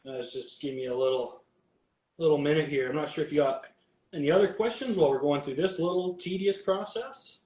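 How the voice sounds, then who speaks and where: A man's voice: a little high, fairly quick, a little mellow. A man, a guest chef and bodybuilding coach, chatting casually and walking through recipe steps as he cooks in a kitchen. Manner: chatty and upbeat, narrating cooking steps. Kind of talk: casual chat while cooking. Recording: echoey room.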